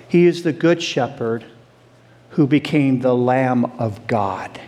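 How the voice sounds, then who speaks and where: A middle-aged man preaching a sermon, animated, asking the audience questions and laughing along with them. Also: medium pitch, slow pace.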